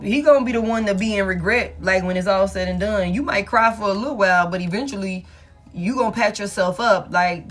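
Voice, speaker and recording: A woman giving a live tarot reading to a caller, talking casually and emphatically, repeating her points and swearing freely. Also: medium pitch. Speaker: tarot reader.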